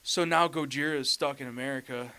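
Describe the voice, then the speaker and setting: A young man telling a story in a loose, rambling way, sprinkling "like" and "dude" throughout. He talks casually as a guest on a podcast. His pitch sits in an ordinary middle range. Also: fairly even intonation, a little fast, bright, forceful tone, clear, resonant tone. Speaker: band member guest.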